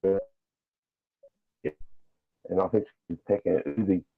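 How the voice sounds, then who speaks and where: Kiwi bloke rambling on a podcast, lowish voice, sounds like a phone line. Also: male voice, little pitch movement, moderate pace, creaky, husky. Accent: New Zealand. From New Zealand. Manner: rambling and chatty, jokey. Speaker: guest toy customizer. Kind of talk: casual podcast chat. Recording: tinny phone-like call line.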